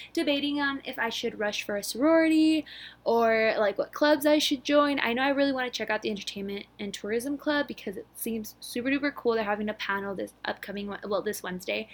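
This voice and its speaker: A young woman in her twenties chats alone into her podcast mic, bubbly and a little out of breath. She rushes through her thoughts with plenty of filler words. Her voice sits a touch high. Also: lively intonation. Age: 20s. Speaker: podcast host. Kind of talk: casual solo podcast chat.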